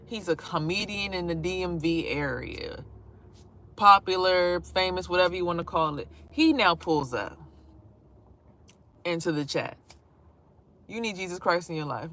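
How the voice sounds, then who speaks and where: A woman vlogger telling a personal story in a casual, animated way, swearing freely and acting out what people said. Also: lowish voice, slight background noise. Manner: animated, profane, acts out quotes.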